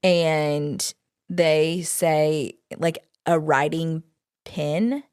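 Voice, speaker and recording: Female co-host, easygoing chat, lowish voice, dry close recording. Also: extremely slow, darkish tone, clear, resonant tone, no echo. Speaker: podcast co-host. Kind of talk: casual podcast chat.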